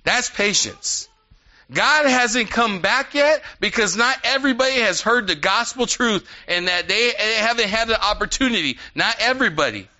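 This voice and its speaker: Lively, high-voiced male preacher. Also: normal speed, few pauses. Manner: animated, conversational preaching with asides. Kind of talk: sermon. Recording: dull lo-fi sound.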